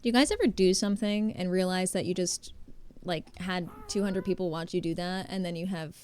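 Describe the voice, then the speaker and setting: A woman's voice: lowish voice, fairly quick, darkish tone. A young woman streamer chatting casually with her viewers while playing a building game, swearing freely and making fun of herself. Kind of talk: casual live-stream chat while gaming.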